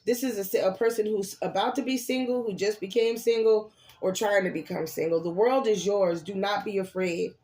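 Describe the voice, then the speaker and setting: Lively older woman doing tarot readings. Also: mid-range voice, normal speed. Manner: animated, preachy encouragement with laughs and slang. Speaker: tarot reader. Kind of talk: casual live tarot reading.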